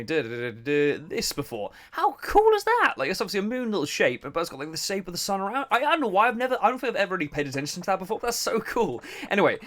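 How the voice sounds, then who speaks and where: A young man giving casual, swearing, laughing commentary on a game he plays, and he keeps clearing his throat. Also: a little high, fairly bright tone. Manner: chatty, swearing, laughs a lot, self-interrupting. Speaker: let's play host.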